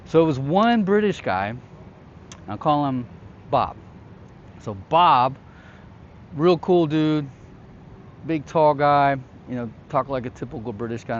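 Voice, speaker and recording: A man's voice: mid-range voice, measured pace, pauses often, a little hiss or hum. Man telling a war story, lo-fi. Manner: conversational, checks in often with the listener. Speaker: host recounting his past as a security contractor. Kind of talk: casual storytelling to camera. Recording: slightly dull, lo-fi sound.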